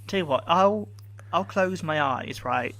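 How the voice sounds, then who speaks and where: A man's voice: fairly high pitch, expressive, unhurried, a bit bright. A man hosting a comedy podcast in a casual chat, teasing his co-host and pushing him with questions.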